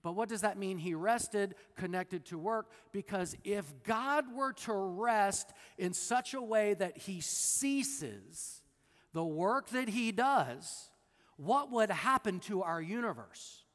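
A man with a notably high voice preaches a sermon, explaining the text in a conversational teaching manner. He drops wry asides and puts questions to listeners by name. His voice rings out with a long hall reverb. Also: animated, takes it slowly, a bit bright. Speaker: pastor.

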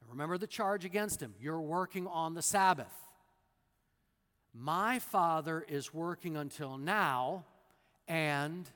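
High-voiced preacher in a reverberant hall. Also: male voice, a bit bright. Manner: conversational teaching, wry asides, addresses listeners by name. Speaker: pastor. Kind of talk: sermon.

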